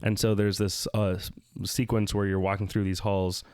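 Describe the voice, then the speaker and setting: A low-pitched man co-hosting a casual podcast chat, lively and storytelling, acting out little quotes. His voice sounds dry and close to the mic. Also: normal speed, no room sound. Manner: animated storyteller, acts out quotes. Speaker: podcast co-host.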